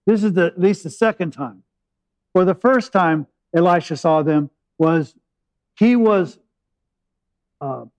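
A man delivers a sermon, retelling the old story in his own words. His voice sits a little high for a man, and he slows down on key phrases with pauses before stepping out to explain. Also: darkish tone, rough recording. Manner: retells scripture with dramatic pauses and asides. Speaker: preacher.

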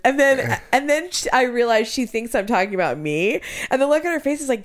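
A woman's voice: fairly high pitch, brisk, hardly any pauses. A woman in her thirties, a podcast co-host, telling a story in casual chat and acting out what others said. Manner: animated storytelling, quotes others.

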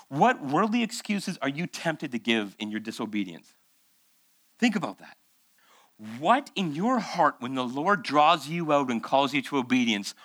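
A man's voice: a little high, a bit bright, no room sound. A male pastor preaching a conversational sermon, firing off rhetorical questions and acting out the voices he quotes, after months of illness. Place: church.

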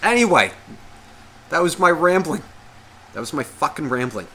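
This podcast co-host, a man with a slightly high voice, speaks at normal speed while ranting comedically, cursing and acting out his inner voices with animation. A little background noise can be heard.

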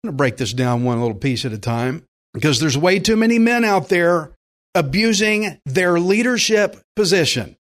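A middle-aged male pastor giving a folksy radio sermon, telling a story and reading scripture slowly. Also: fairly high pitch, expressive.

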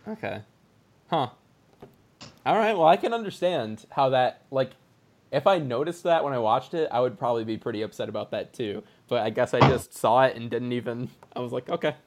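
A man hosting a casual movie podcast, relaxed and quick to laugh. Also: medium pitch. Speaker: podcast host. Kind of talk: casual chat about movies.

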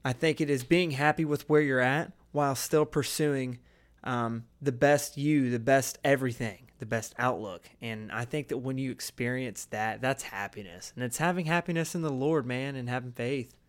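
A young man talks casually on a podcast, his voice sitting at an ordinary middle pitch. He rambles earnestly, circling back and restarting his sentences as he thinks aloud. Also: steady tone, normal speed. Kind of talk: casual chat.

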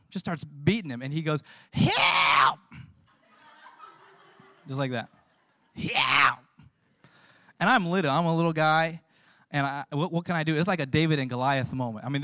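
A man preaching a sermon as the pastor, telling lively stories and laughing as he goes. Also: a little high, no echo. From California. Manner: storytelling, animated, laughs often.

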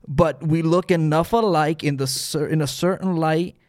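A man's voice: fairly high pitch, moderate pace, dry recording. A man from the Bay Area chatting as a podcast guest, joking and rambling with fillers into a close mic. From San Francisco Bay Area. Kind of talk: casual podcast chat.

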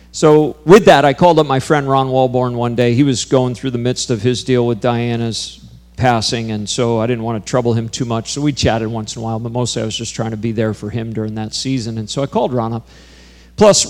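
A man's voice: mid-range voice, darkish tone. An earnest man preaching, recounting a personal story from the pulpit. His delivery climbs to intense, emphatic peaks. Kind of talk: sermon storytelling.

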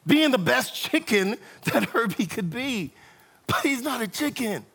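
Animated, husky-voiced male preacher. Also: high voice. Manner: animated storyteller, addresses congregation directly. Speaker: pastor. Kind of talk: sermon with storytelling.

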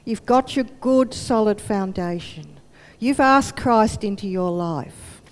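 Woman preacher, animated storyteller; unhurried, long church-hall reverb. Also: medium pitch. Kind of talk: storytelling sermon.

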